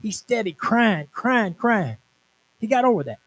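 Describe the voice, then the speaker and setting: Brief: male minister in his sixties, emphatic testimony sermon, fairly high pitch. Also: sing-song, a little slow, a bit bright, poor audio. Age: 60s. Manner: conversational storytelling, emphatic. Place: conference venue.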